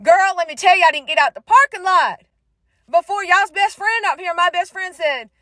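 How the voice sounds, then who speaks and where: A middle-aged woman telling a faith story in a sassy, animated way, talking straight to her listeners. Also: extremely high pitch, normal speed, dry recording. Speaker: faith vlogger. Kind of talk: casual testimony storytelling.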